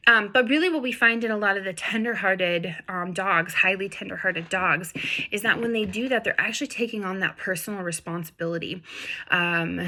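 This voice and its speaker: A woman's voice: fairly low pitch, sharp tone. A woman dog breeder explaining in a chatty, casual way, with lots of examples.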